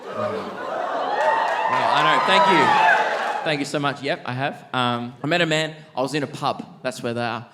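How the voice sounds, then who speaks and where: An Australian man doing stand-up in a theatre, telling a story quickly and with lots of animation. His voice sits at an ordinary middle pitch. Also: wildly swooping pitch, big-room sound, noisy background. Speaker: stand-up comedian. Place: theatre stage.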